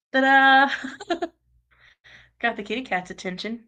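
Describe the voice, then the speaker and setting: A woman with a Texan accent and a stuffy nose from a cold, soft-spoken and a little shy in casual chat. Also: medium pitch, expressive, fairly quick.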